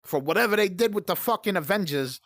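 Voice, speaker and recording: A man's voice: sits high, animated, quick pace, a bit bright, no room sound, clean studio sound. A middle-aged man from Brooklyn, New York, hosting a gaming channel and ranting heatedly in profane, rambling commentary over gameplay.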